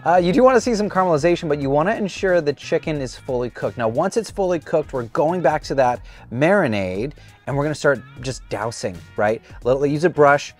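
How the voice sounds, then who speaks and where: A man's voice: fairly high pitch, expressive, a little fast, darkish tone, faint music behind. A man hosting a cooking show, demonstrating a recipe in an upbeat, chatty way that often restarts mid-sentence. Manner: upbeat, chatty, self-interrupting.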